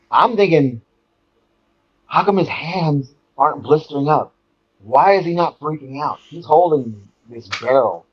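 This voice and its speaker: Animated man telling a story, lo-fi. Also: mid-range voice. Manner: animated, halting with many restarts and repeated words. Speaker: guest. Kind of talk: casual storytelling.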